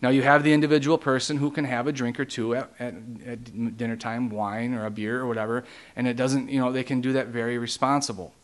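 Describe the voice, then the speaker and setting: A man's voice: medium pitch, flat delivery, a little fast. Plainspoken man teaching a Bible study. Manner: plainspoken, conversational, explains terms one by one. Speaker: pastor.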